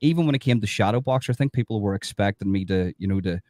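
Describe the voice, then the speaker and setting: A man's voice: lowish voice, fast, darkish tone, dry recording, clean studio sound. A man who is a guest on a casual livestream chat, talking earnestly as he explains himself. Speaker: guest, fellow streamer.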